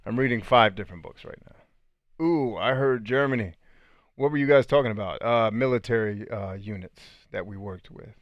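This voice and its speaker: A man hosting a casual livestream, reading out viewer comments and answering them in a laid-back, slangy way, often clearing his throat. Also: fairly low pitch, moderate pace, no room sound, dull audio.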